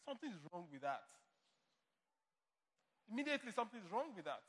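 A man's voice: sits high, sing-song, fast talker, fairly bright tone, husky, in a large hall. A man preaching a sermon as pastor to a church congregation, emphatic and playing out imagined replies. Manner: emphatic preaching, mock dialogue.

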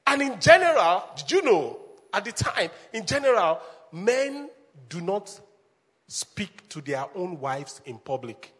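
A man preaching as a pastor, animated, laughing often and calling the congregation to answer back. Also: sits high, slow pace, slightly rough. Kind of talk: sermon. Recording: long hall reverb.

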